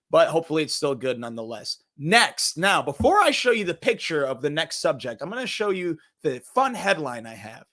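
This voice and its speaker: A young man hosts a loose entertainment news show, joking and rambling between stories. His voice sits a bit high and sounds bright and forceful, and he swears casually and lets sentences trail off into mutters. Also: very animated, fairly quick, few pauses. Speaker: podcast host.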